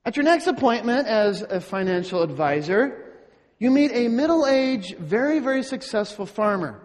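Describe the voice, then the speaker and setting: High-voiced preacher in a reverberant hall. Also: male voice, lively intonation. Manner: slow, deliberate preaching with rhetorical questions. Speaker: pastor. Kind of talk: sermon. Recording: long reverb in a large hall.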